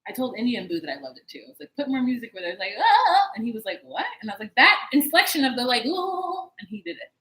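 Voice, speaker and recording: A woman co-hosting a casual recap chat, animated and playful, joining in the jokes. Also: on the high side, quick pace, few pauses, low-quality recording. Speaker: co-host.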